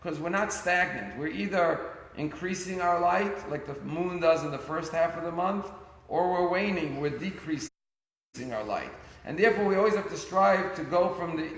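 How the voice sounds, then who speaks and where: Rabbi with a gravelly voice, echoey synagogue. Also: male voice, on the high side, fairly bright tone. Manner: storytelling with rising emphasis. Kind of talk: sermon. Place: synagogue sanctuary.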